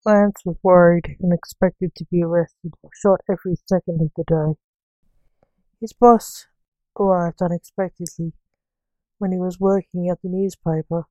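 A woman reads a story aloud with slow, halting phrasing. Her voice is low and mellow. The recording is dry and close, with no room sound. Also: steady tone, no echo, muffled recording.

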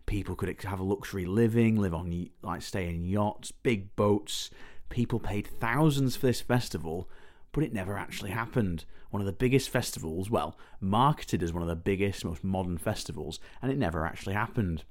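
Low-voiced man, relaxed. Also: normal speed, few pauses. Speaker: podcast guest, film enthusiast. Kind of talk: casual chat.

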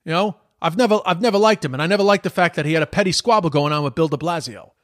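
A man with a noticeably high-pitched voice delivers a heated political rant. He sounds exasperated and swears freely as he talks. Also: rapid-fire, a bit bright. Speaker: commentator.

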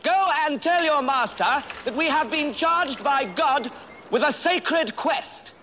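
Brief: a formal, commanding king, high and lively, bright, faint hiss from an old film. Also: takes it slowly, exaggerated voice. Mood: earnest. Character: stately, earnest legendary male king.

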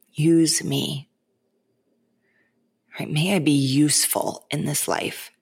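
A woman hosting a podcast, talking in a casual, animated way, full of "like" and "right?". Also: deep voice. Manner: animated, chatty, lots of "like" and "right?". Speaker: podcast host. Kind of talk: casual spiritual monologue.

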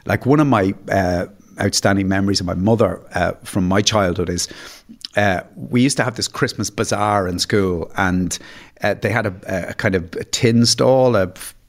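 An Irish man appearing as a podcast guest tells comic, self-deprecating anecdotes, frequently stumbling over his words and restarting sentences. His voice is low-pitched and his pace moderate.

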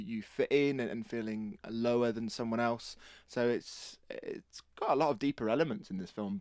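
A man's voice: lowish voice, a little mellow, no room sound, clean studio sound. A man co-hosting a casual podcast chat, talking enthusiastically and rambling. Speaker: podcast co-host.

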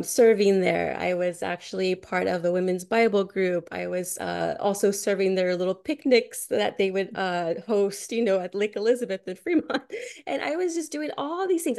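A woman's voice: medium pitch, a little mellow. A woman podcast host telling a personal story in a chatty way, full of "like" and frequent laughter. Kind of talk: casual conversational storytelling.

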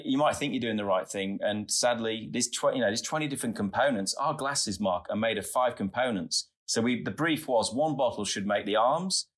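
A middle-aged Australian man telling earnest, chatty stories as a guest in a casual interview. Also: mid-range voice. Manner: earnest, chatty, tumbling anecdotes. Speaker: podcast guest, founder.

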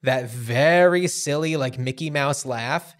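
A man's voice: mid-range voice, slow pace. Easygoing man co-hosting a film podcast. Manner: relaxed, conversational, hedging with fillers. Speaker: podcast co-host. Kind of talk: casual film discussion.

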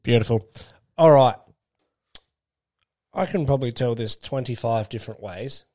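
A man's voice: mid-range voice, normal speed, warm tone. Crude, rambling man in his late twenties. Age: late 20s. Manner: crude, rambling, laughs while telling stories. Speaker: podcast co-host. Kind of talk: casual storytelling chat.

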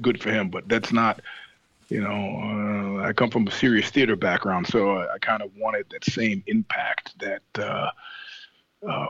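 Casting note: husky, gravelly man, rambling profane storyteller, dry dull recording. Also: on the low side, fairly bright tone, no room sound. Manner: rambling, profane, many restarts. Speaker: podcast guest, singer and show host. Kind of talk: casual chat.

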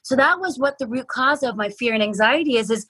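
A woman podcast host talking openly about her own anxiety, reflective and quick to laugh. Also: a little high, expressive, bright, forceful tone, slightly rough, poor audio. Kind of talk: casual interview chat.

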